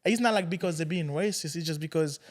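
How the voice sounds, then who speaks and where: A young man co-hosting a podcast, talking casually in loose, halting sentences with many restarts. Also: a little high. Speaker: podcast co-host. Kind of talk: casual chat.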